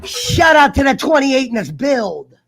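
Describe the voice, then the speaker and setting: A man's voice: extremely high pitch, big pitch swings, a little slow, vocal fry, over music. Profane fired-up man telling a story. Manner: profane, fired-up storyteller who mimics others. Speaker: host of an online sports talk show. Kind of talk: casual livestream rant.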